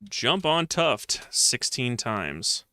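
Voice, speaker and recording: A man's voice: medium pitch, sing-song, drawn-out words, sharp tone, clear, resonant tone, dry recording. A man streaming a retro adventure game, reading its text aloud and mocking himself with jokey outbursts.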